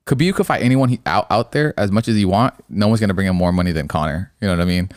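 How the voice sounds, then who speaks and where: A young man with a low voice rattles through fight talk at a quick clip, excitable and full of swearing and bro. The sound is dry and close, with no room around it. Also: no echo. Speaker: podcast co-host. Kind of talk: casual sports chat.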